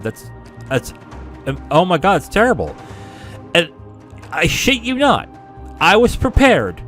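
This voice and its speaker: A man hosting a gaming news podcast, telling a story in a casual, animated way and laughing at himself. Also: on the high side. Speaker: podcast host. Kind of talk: casual chat.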